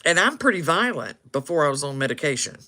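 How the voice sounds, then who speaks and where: A man's voice: on the high side, sing-song, fast, pushed and bright. A man casually telling a story, laughing often and acting out what people said.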